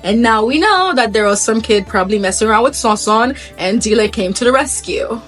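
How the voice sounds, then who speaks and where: A woman's voice: a little high, expressive, fairly quick, a bit bright, faint music behind. Chatty woman retelling a folktale. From Haiti. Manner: chatty, laughing asides. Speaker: vlogger.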